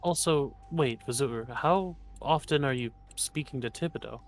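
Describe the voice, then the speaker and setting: A man's voice: medium pitch, normal speed, faint music behind. Earnest, argumentative man at the game table. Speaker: player. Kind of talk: casual chat at a tabletop game.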